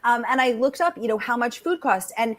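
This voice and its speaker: A woman author answering interview questions, animated and chatty, with many fillers. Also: a little high, a little fast. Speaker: author, guest.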